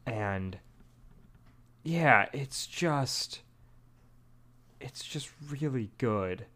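A man co-hosting a podcast in casual chat, thinking aloud in halting, trailing phrases. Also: mid-range voice, animated, bright, forceful tone. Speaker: podcast co-host.

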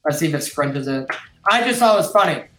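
Male live-stream host with a high, dry voice into a desk mic, chatty and rambling. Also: animated, quick pace, fairly bright tone, dry recording, soft background music. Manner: rambling and chatty, with laughs and restarts. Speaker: host and admin of a trucking group. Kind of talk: casual live stream chat, reading viewer comments. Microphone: desktop microphone.

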